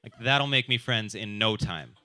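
A man's voice: on the low side, pushed and bright, no room sound. Brash self-mocking male stand-up comic. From South Dakota. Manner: crude, self-deprecating, quick shifts into quoted voices. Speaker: stand-up comedian. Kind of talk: stand-up comedy set.

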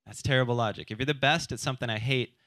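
Male stand-up comic, crude and self-mocking, forceful bright voice, dry close sound. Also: mid-range voice, no room sound. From South Dakota. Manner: crude, self-deprecating, quick shifts into quoted voices. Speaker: stand-up comedian. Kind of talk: stand-up comedy set.

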